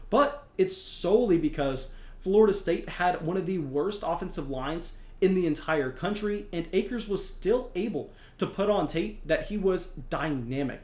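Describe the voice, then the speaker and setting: A man's voice: on the high side, reverberant. A young man hosting a fantasy football show, talking energetically and emphatically and often repeating himself. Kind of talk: excited sports analysis monologue.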